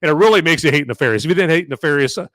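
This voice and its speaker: A man's voice: on the high side, expressive, rapid-fire, fairly bright tone, dry recording. A man hosting a live film review podcast, retelling a plot in a rambling, casual way full of fillers and tag questions. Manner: rambling, filler-heavy, keeps asking "okay?". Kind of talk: casual live-stream recap.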